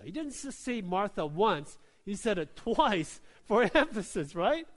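A male pastor preaches in a high voice, calling out for "Amen?" and "right?" as he goes. His delivery is very animated, dropping to soft asides and rising to emphatic exclamations, and it rings through a reverberant hall. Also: measured pace, few pauses. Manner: call-and-response, repeats "Amen?" and "right?"; emphatic, swings between soft low asides and raised exclamations. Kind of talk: sermon.

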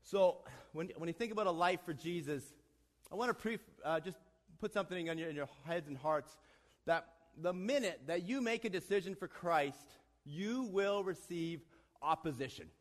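A man, a lay leader preaching in a church, with a fairly high voice. He talks plainly and directly and pokes fun at himself. His voice carries a long reverb from the hall. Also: normal speed. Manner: plain, direct, self-deprecating, acts out voices in a joke. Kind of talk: sermon with a joke and prayer.

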